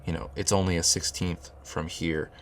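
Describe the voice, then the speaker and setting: A man's voice: deep voice, little pitch movement, moderate pace, slight background noise. A man teaching rhythm at a whiteboard, thinking aloud with fillers and restarts and chanting rhythm syllables. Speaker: music teacher.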